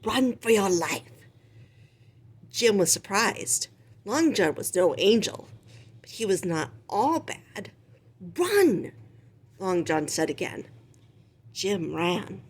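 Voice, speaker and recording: A woman reading a children's picture book aloud with expressive, animated storytelling. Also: medium pitch, slow pace. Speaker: storybook reader.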